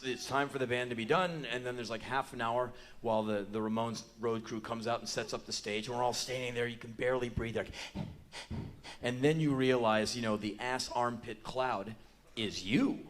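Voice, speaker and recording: A man in his forties telling a long comic story live on a theater stage, animated and breaking into loud yelps and acted-out quotes. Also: mid-range voice. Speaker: spoken word performer. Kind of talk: live spoken word storytelling. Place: large theater stage before a live audience.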